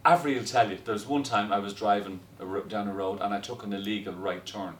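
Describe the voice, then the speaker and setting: A man tells a story in a lively, chatty way, with a lowish voice. He sounds a little distant from the mic in a roomy, echoey space with faint background noise. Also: quick pace, hardly any pauses. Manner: lively storyteller, breaks into laughter. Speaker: guest telling stories. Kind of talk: casual anecdote.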